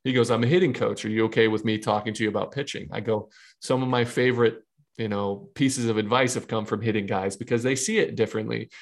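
A man in his thirties, a podcast co-host and former baseball pitcher, chatting casually and telling stories in which he acts out the dialogue and laughs along. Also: fast. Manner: animated storyteller acting out dialogue, laughing.

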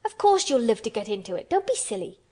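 Woman reading a blunt earnest girl; pitch up, plain and solemn. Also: fairly quick, darkish tone, lightly acted. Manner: frank and earnest. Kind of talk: storybook character voice.

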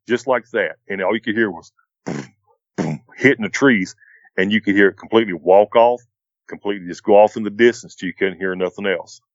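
A man's voice: on the low side, fairly quick, dry recording, lo-fi sound. A middle-aged man casually retelling a night encounter in a rambling way, repeating "he said" and "I said" as he goes. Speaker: storyteller.

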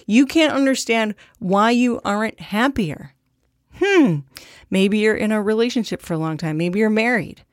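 This studio-quality, echo-free clip features a young woman with a mid-range voice hosting her podcast. Her casual monologue is frank, full of profanity and self-deprecating.

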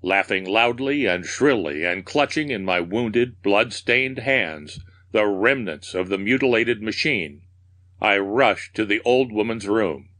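Slow, bright-toned male horror storyteller. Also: fairly low pitch, animated. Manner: measured, darkly theatrical narration. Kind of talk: dramatic reading of a horror tale.

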